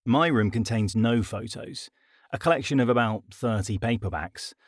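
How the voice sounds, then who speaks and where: A man narrating his own comic audiobook in a wry, deadpan style. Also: medium pitch, moderate pace, no echo, studio quality. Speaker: author and narrator. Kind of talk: scripted comedic audiobook narration.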